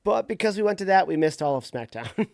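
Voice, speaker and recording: Smooth-voiced man in casual chat. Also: high-pitched, sing-song, a little fast, darkish tone, no echo, studio quality. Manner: rambling, loose, laughs easily. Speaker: podcast co-host.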